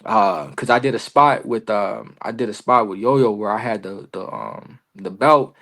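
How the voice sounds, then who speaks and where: A man's voice: mid-range voice, normal speed, creaky. A young man, a wrestler guest on a podcast, telling a story in casual slang and acting out the dialogue. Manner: animated storyteller, heavy slang, acts out quoted dialogue.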